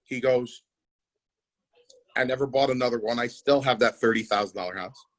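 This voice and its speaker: The low-quality recording captures a middle-aged podcast host in casual conversation, swearing and repeating himself while recounting wrestling stories. His voice is mid-range and his pace moderate.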